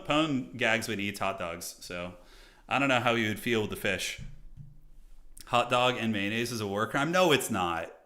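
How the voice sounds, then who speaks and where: Man, streamer, casual game commentary, talks to viewers, bright voice. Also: mid-range voice. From United States. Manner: chatty, talks to chat, joking asides.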